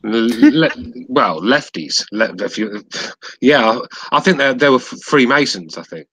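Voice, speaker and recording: A man's voice: medium pitch, expressive, unhurried, a bit bright, slightly rough, dry recording, low-quality recording. A man on a podcast panel, speaking bluntly and swearing freely. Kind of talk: casual podcast chat.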